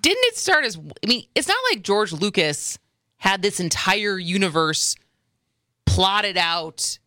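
Lively, bright-voiced radio co-host, dry mic. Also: mid-range voice, slow pace, dry recording. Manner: curious, teasing, asks lots of questions. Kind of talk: casual radio chat.

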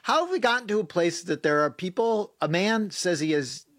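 A man from Wisconsin, a political guest on a call-in radio show, talking in halting bursts with restarts and fillers. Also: sits high, expressive, a bit bright, dry recording. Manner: halting, restarts, many likes and you knows. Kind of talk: casual political talk radio.

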